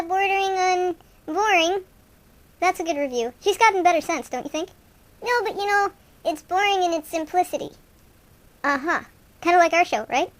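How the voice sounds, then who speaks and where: On an improvised comic radio show, a woman with a very high voice plays two goofy young male rock-fan buddies. Their banter rambles and mocks itself.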